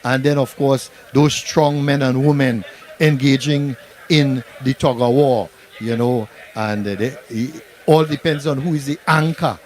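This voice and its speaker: A man's voice: mid-range voice, unhurried, a crowd in the background. Chatty man hosting a sports day. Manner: chatty, rambling, many fillers. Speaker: event host. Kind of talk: live event commentary. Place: seated at an outdoor sports ground.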